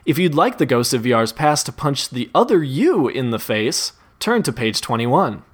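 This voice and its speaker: A man's voice: mid-range voice, big pitch swings, moderate pace, breathy edge. A man narrating a second-person interactive story, amused and often laughing through his lines.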